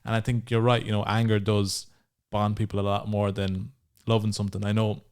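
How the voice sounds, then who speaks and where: A man's voice: fairly low pitch, flat delivery, a little fast, darkish tone, clean tone. An Irish man hosting a casual podcast interview, chatting eagerly about comedy. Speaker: podcast host.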